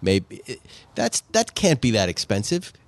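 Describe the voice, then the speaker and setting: A man hosting a podcast, talking in a rambling, animated way and laughing often. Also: fairly low pitch, a little slow, creaky, no room sound. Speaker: podcast host. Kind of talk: casual chat. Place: outdoor patio.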